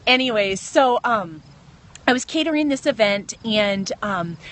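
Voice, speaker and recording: A woman in her thirties talks into a phone camera on a devotional livestream, with a voice a little higher than most. She sounds earnest and chatty and breaks off now and then to greet viewers by name. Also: animated, a little slow, fairly bright tone. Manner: earnest, chatty, reads viewer comments aloud. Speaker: Christian livestream host. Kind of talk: casual devotional livestream talk.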